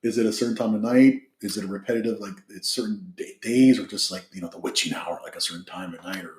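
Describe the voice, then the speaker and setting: Fast-talking low-voiced male podcast host. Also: reverberant. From Mexican-American family. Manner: chatty, animated, asks many questions. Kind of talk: casual interview.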